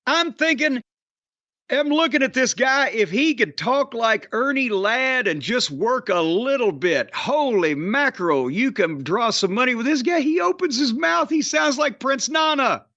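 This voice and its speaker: A man with a fairly high voice rants bluntly and profanely, exasperated by what he is reviewing. The sound is dry and a little dull, like a lo-fi podcast recording. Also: animated, a little slow, bright, forceful tone, no room sound. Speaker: wrestling commentator.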